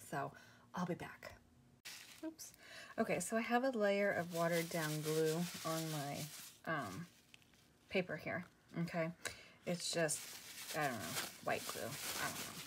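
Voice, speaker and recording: A woman's voice: on the low side, background noise. A woman chatting her way through a craft tutorial, self-deprecating, with many fillers and restarts. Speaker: craft video host. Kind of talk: casual craft tutorial narration.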